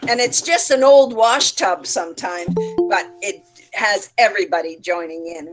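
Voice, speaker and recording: Slow, expressive woman storyteller. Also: medium pitch, a little hiss or hum. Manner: expressive, acts out voices and sounds. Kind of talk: participation storytelling for teachers. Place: home setup, online session. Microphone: video call.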